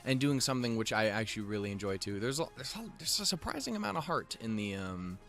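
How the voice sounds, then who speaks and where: A man with a somewhat low voice talks through an episode in a loose, rambling recap. He restarts his sentences often and swears offhand. Soft music plays faintly underneath. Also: lively intonation, fast. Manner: rambling, lots of fillers and restarts, swears casually. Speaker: show reviewer.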